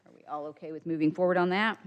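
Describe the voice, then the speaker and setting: A woman's voice: fairly low pitch, rapid-fire. A woman chairing a county council meeting, reading budget figures aloud and running the votes in a businesslike way. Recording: hall reverb.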